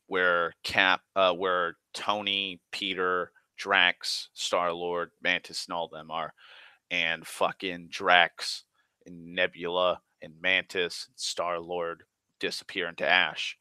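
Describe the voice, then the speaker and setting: Deep-voiced man ranting about a movie. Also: slow pace, clean tone, dry recording. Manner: profane, excitable, rambling with restarts. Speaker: movie vlogger. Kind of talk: rambling movie recap.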